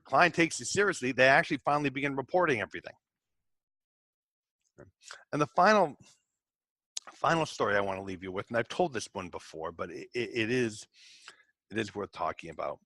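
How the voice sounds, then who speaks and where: A man hosting a podcast for tax professionals, telling candid work stories in a casual way, cursing now and then and acting out quick exchanges with his clients. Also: lowish voice, sharp tone, no room sound. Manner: candid, swears, acts out clients in quick asides. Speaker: tax resolution podcast host. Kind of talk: casual storytelling to fellow practitioners.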